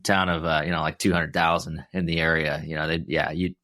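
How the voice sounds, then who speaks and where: A man's voice: extremely low pitch, flat delivery, fairly quick, pushed and bright, no room sound, clean studio sound. A man with a Midwestern American accent hosting a podcast interview, chatty and full of fillers and restarts. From Midwest US, Iowa. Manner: chatty, many fillers and restarts, laughs easily. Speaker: podcast host. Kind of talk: casual interview chat.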